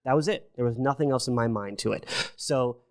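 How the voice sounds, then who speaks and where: A man's voice: mid-range voice, brisk, smooth. A man, likely in his thirties, guesting on a podcast and telling a story in casual, profane speech, acting out what other people said. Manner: profane, animated, acts out quotes of others.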